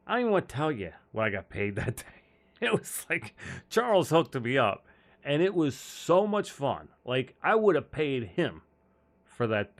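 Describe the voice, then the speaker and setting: Rambling, laughing golf-stream host. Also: male voice, mid-range voice. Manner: rambling storyteller, many restarts and laughs. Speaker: golf instructor hosting a live stream. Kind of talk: casual live-stream chat.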